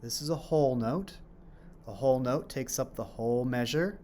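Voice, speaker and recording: A man with a mid-range, slightly mellow voice speaking at normal speed teaches children a music lesson on rhythms. He explains patiently, asks questions and answers them himself, and chants rhythm syllables while clapping, with slight background noise.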